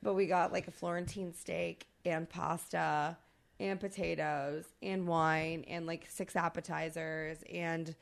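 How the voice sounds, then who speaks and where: A woman co-host chatting on a podcast, with a lowish voice and a gravelly fry in it. She tells her story in an animated way, swearing freely and filling it with likes and ums. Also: takes it slowly. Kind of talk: casual chat.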